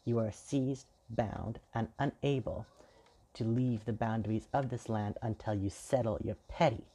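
A disgruntled chief fairy proclaiming a binding in a fairy-tale reading, voiced by a man. The voice is low, dark and rough, pushed louder. She sounds fed up and firm. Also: steady tone, unhurried. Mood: commanding.

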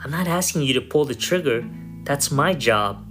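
A tormented young woman at the end of her rope, as a male storyteller voices her, tense and pleading in a slow, unhurried delivery. Her voice sits at a middling pitch, with soft guitar music behind it. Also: close to an everyday voice. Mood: fierce.

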